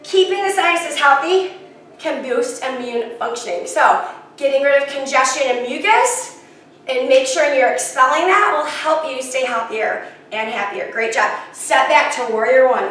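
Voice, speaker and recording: Upbeat woman yoga teacher, high voice, chatty cues, recorded in a very echoey room from afar with soft music. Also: distant mic, a little hiss or hum. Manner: encouraging, chatty, self-teasing asides. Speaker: yoga instructor. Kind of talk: guided yoga class instruction.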